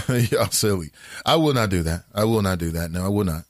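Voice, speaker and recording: A man hosts a casual call-in show, reading listener messages and answering them with incredulous asides. His pitch swings widely when he gets worked up. The sound is dry and close, with no room around it. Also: moderate pace, dry recording. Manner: animated, incredulous asides with laughs; reads comments aloud in a flatter tone. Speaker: talk show host reading listener comments.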